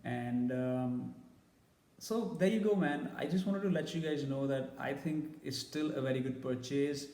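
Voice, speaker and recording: A man's voice: mid-range voice, unhurried, dark tone, echoey room, long reverb tail. A man giving a casual, blunt and opinionated tech review.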